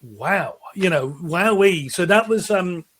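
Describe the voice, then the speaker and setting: A middle-aged musician telling animated, rambling anecdotes in a casual interview, restarting his sentences often. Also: sits high, slow pace, a little hiss or hum. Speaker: musician guest.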